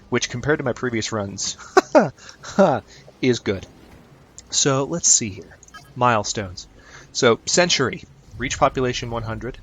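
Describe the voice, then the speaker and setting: A man's voice: mid-range voice, a bit bright. A man giving casual let's-play commentary, chatty and upbeat, thinking aloud with fillers as he plays. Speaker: gameplay commentator.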